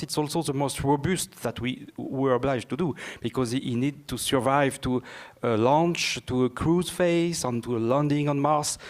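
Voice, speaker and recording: A man with a French accent, a native French speaker, giving press briefing remarks in halting English as he searches for words. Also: mid-range voice. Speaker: project manager on a panel.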